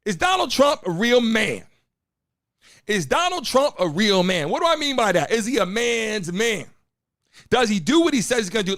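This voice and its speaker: A man hosts a live stream from a studio, loud and hyped, swearing as he rallies his chat. His voice sits high and swings widely. The sound is dry and close. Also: dry recording. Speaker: live show host.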